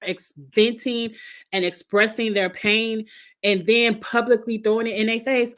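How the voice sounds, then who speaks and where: A woman's voice: fairly high pitch, steady tone, measured pace, a bit bright. A woman hosting a casual livestream, talking bluntly about a reality show, laughing often and greeting viewers by name. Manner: greets chat viewers by name between remarks. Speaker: show reviewer and livestream host.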